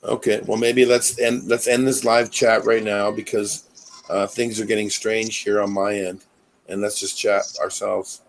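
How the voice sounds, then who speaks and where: A man's voice: fairly low pitch, little pitch movement, a little slow, slight background noise, low-quality recording. A man hosting a casual live chat on a video call, questioning and pushing back on his guest. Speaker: host.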